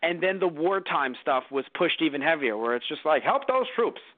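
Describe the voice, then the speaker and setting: A man's voice: fairly high pitch, fairly quick, dry recording. A man hosting a casual movie review podcast, rambling with many fillers and restarts. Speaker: podcast host. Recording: dry, phone-like lo-fi audio.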